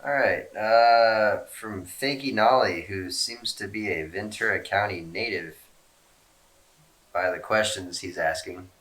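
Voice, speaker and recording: A relaxed man works through viewer questions in a loose, rambling Q&A, cursing freely and poking fun at himself. His voice sits low yet carries a bright, forward edge. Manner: rambling, laid-back, swears a lot; self-mocking jokes. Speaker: skateboarder answering fan questions. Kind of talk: casual Q&A, reading out viewer questions.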